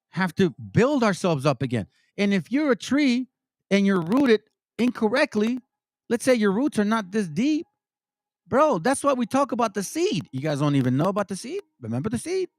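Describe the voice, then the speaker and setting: A male preacher, talking casually with plenty of slang as he reads verses and breaks them down. His pitch swings widely and sits a little high for a man. The sound is close and dry. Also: sing-song, moderate pace, no echo. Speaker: preacher teaching scripture. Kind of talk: informal scripture teaching.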